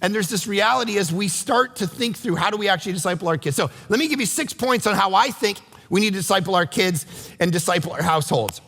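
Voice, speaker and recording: A middle-aged man preaching a sermon as pastor, animated and acting out quotes in voices. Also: high-pitched, fast, big-room sound. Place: church sanctuary.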